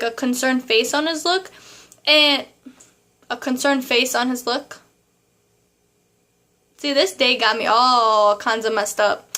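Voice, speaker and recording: A young woman, telling a story to camera in a casual, animated way full of fillers and asides. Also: high voice. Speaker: vlogger.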